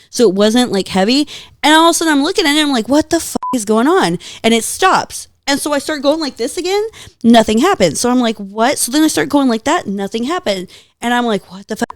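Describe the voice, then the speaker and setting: Animated swearing woman telling stories. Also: mid-range voice, dry recording. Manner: animated, swears freely, laughs a lot. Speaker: podcast guest. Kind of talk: casual storytelling chat.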